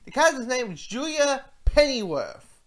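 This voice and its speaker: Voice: high voice, very animated, normal speed, noisy background. Rambling casual TV reviewer. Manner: rambling, with many restarts and self-corrections. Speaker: TV episode reviewer.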